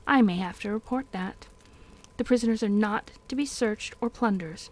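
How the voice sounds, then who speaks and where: A woman's voice: mid-range voice, normal speed, close to an everyday voice. Grishnakh, a woman sneering as a sly evil orc. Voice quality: soft sneering voice. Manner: sneering and menacing, sometimes whispered. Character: sly, cruel male orc messenger, scheming.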